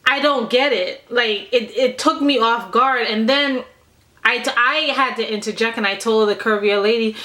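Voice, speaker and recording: A young adult woman vlogger telling a story to the camera in an animated, conversational way, rambling and restarting her sentences. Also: fairly high pitch, moderate pace.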